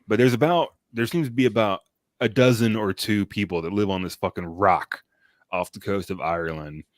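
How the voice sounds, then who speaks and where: A man with a fairly low voice recaps a film on a casual stream. He rambles, swears often and leans on fillers as he goes. The sound is close and dry. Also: moderate pace, no room sound. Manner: rambling, profane, chuckling recap. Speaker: podcast co-host. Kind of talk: casual chat, movie review.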